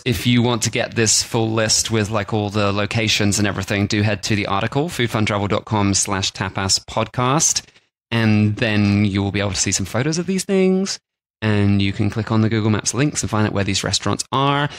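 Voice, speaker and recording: A man's voice: lowish voice, no echo. A man co-hosting a food podcast, rambling and joking, with lots of "like" in casual chat. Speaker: podcast co-host.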